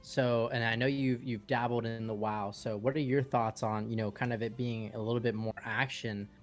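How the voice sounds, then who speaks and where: A man's voice: mid-range voice, steady tone, moderate pace, faint music behind. A man hosting a gaming podcast, asking a co-host a casual question. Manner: friendly questioning with short agreements.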